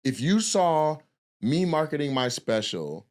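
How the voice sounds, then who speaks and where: A man's voice sits on the high side with big pitch swings, a slightly slow pace and a somewhat mellow quality. He's a comedian and podcast host in his forties, telling a long, loose, profane story casually and acting out whoever he quotes.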